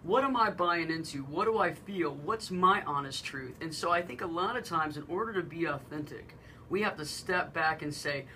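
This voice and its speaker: A woman with a deep voice that gets mistaken for a man's, co-hosting a radio talk show and telling lively stories. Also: normal speed, a little hiss or hum, poor audio. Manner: low-voiced, animated storytelling with laughs. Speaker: radio co-host.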